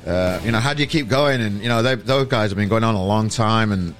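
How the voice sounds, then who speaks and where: A man's voice: lowish voice, a little fast, soft background music. A middle-aged man hosting a podcast, talking bluntly and rambling with plenty of fillers. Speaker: podcast host. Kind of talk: casual chat and rant.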